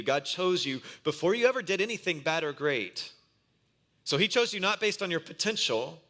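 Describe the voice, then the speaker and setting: Pastor, thirties, male; bright, pushing tone a bit above average pitch, earnest sermon delivery with anecdotes. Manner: earnest preaching mixed with a humorous family story.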